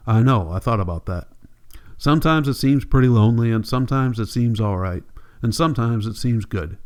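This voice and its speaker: A man reading the part of a weary older male drifter who refuses to leave his land, in a quiet, resigned rural drawl. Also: medium pitch, fairly quick, clear, resonant tone, close to an everyday voice. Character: weary old male drifter clinging to home.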